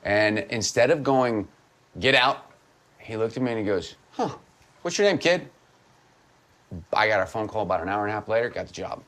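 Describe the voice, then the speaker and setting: A man in his forties, an actor guesting on a podcast, telling stories in an earnest, animated way in casual chat. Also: lowish voice, brisk. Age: 40s.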